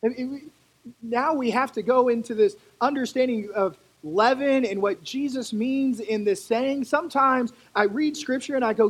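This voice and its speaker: Brief: preacher, husky tone, chatty sermon delivery with asides. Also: medium pitch, normal speed, poor audio. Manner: conversational, animated storytelling with asides.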